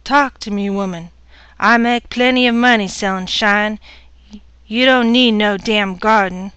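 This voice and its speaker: A woman reading the part of a violent moonshiner husband, loud and barking orders in her own voice. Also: a little high, unhurried, clean tone, no echo, highs cut off. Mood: demanding. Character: brutal moonshiner husband, adult man, violent.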